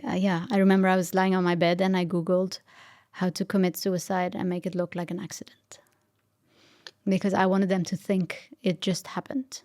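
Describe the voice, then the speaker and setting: As a podcast guest, a woman with a mellow, medium-pitched voice tells a personal story earnestly and reflectively. At tender moments she drops almost to a whisper.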